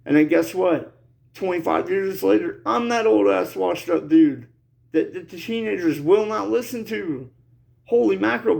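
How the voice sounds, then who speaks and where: A man's voice: high voice, moderate pace, gravelly, a little mellow, low-quality recording. A man in his forties delivering a heated, profane vlog rant, rambling and repeating himself, peppering every line with "bro" and "dude.". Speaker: vlogger.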